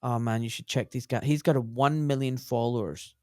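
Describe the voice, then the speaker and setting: A man's voice: mid-range voice, fairly quick, no echo, clean studio sound. Blunt, swearing doctor in his forties. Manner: blunt, animated storyteller who swears freely. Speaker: doctor, podcast guest. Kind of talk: casual podcast conversation.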